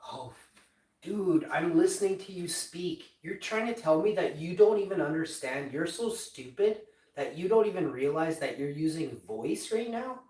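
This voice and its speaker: A man's voice: on the high side, expressive, normal speed, a little mellow, distant mic. A man in his forties talks casually with lots of swearing and mocking asides. He rambles and needles his listener. His voice sounds roomy and off-mic, with room echo. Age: 40s. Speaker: live streamer. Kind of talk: casual chat with an AI assistant.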